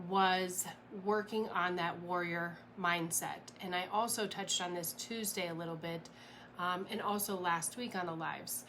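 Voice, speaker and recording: Woman motivational coach, unscripted and plain-spoken, mid pitch, a little swearing, faint background noise. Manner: animated, with frequent fillers and little laughs. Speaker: health and sugar detox coach. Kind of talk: casual motivational talk.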